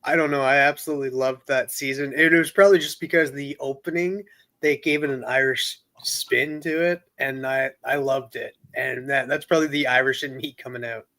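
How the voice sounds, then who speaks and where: Male guest, mid-pitched, easygoing, filler-heavy casual talk. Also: fairly even intonation, brisk, bright, forceful tone, poor audio. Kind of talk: casual stream chat.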